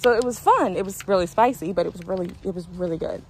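A woman's voice: fairly low pitch, fast talker, slight background noise, rough recording. Chatty young woman telling a story. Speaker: vlogger. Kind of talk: storytime vlog, casual chat.

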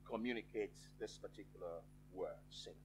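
A man preaching a sermon in a church, with slow, emphatic phrasing and dramatic pauses. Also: sits low, noisy background.

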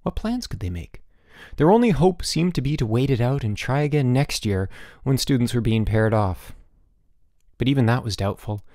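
A man reading a children's novel aloud as an audiobook narrator, expressive and giving each character a voice. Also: mid-range voice, moderate pace, no echo, clean studio sound. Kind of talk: scripted narration.

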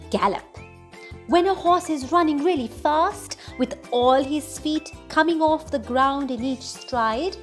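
Patient woman explaining words for children. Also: high-pitched. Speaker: teacher explaining vocabulary. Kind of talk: children's vocabulary lesson.

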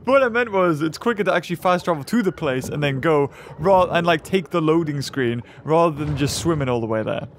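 A man giving excitable gameplay commentary as channel host, laughing often and breaking into shouts. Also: on the high side, fast, slight background noise. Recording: game music loud behind the voice.

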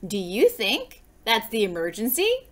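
Earnest young firefighter, read by a teacher: curious and plain, a bit raised. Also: female voice, fairly high pitch, wildly swooping pitch, measured pace, fairly bright tone, exaggerated voice.

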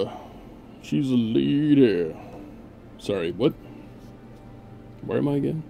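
A man's voice: medium pitch, animated, slow, creaky, pauses often, phone-quality sound, slight background noise. A man hosting a gameplay video, chatting casually and barking mock-grand orders at his units with a sarcastic edge.

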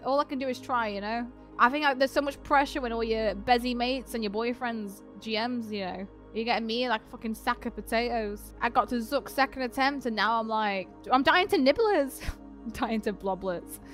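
A woman's voice: a little high, normal speed, a bit bright, faint music behind. A young woman in casual gaming chat, swearing, laughing and teasing her co-host.

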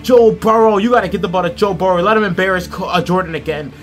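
A young man giving loud, profane play-by-play commentary over a basketball video game, shouting at big plays. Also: high voice, fast, faint music behind. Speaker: gaming YouTuber.

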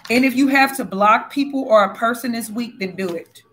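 A woman's voice: on the high side, normal speed, background noise. A woman giving a casual spiritual tarot reading, talking bluntly and animatedly, with frequent swearing. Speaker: tarot reader.

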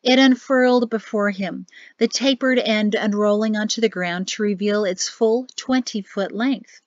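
A woman narrating an audiobook in a lively, expressive storytelling manner. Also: mid-range voice, unhurried, no echo. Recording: dry, slightly muffled audio.

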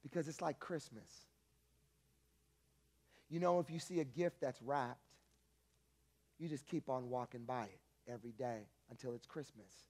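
A man's voice: medium pitch, unhurried, long pauses, darkish tone. A male pastor preaching a sermon in a conversational, emphatic storytelling manner.

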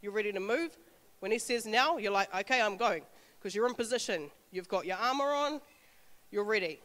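Bright-voiced New woman in a hall. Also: medium pitch, brisk. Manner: animated storytelling with frequent laughter. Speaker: speaker sharing a testimony. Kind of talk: informal sermon talk.

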